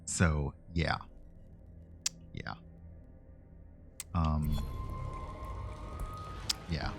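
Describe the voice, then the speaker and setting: Deep-voiced man chatting over gameplay. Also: level tone, drawn-out words, creaky, faint music behind. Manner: rambling, with frequent fillers and self-corrections. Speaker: streamer. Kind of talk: casual gameplay commentary.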